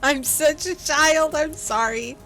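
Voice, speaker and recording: Young female let's-play host, high voice, giggly, unhurried. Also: fairly bright tone, soft background music. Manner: giggly, laughing hard. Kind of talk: casual gameplay commentary.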